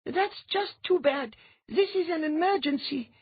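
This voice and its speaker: A woman's voice: sits high, animated, unhurried, dry recording, pitched above the performer's own voice. A man voicing a fierce, commanding young queen in an audiobook. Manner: sharp, commanding. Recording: dull lo-fi audiobook recording.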